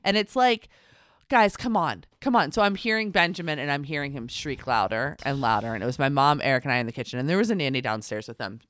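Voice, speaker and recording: A woman in her thirties chats casually on a podcast about raising her kids. Her pitch swings widely as she tells exasperated stories. The recording is dry and close to the mic. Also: fast, hardly any pauses, clean tone, dry recording. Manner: animated, exasperated storytelling. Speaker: podcast co-host. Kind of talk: casual chat.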